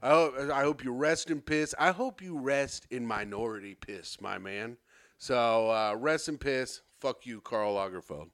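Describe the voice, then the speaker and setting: A man's voice: mid-range voice, expressive, measured pace, a bit bright, no echo, clean studio sound. A young adult man co-hosting a comedy podcast, delivering crude mock eulogies. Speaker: podcast co-host. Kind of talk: profane comedy podcast banter.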